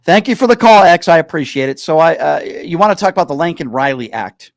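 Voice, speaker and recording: Male talk radio host, quick and pushy with callers, dry close studio mic. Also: fairly high pitch, animated, no echo. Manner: presses callers, interrupts to slow them down. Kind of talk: live call-in radio talk.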